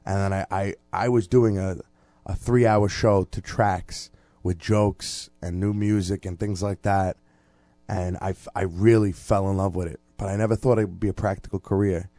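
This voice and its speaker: A man's voice: low-pitched, fairly even intonation, normal speed, mellow, dry recording. A young man in his twenties, a guest telling a story casually and animatedly, with stammering restarts and acted-out voices.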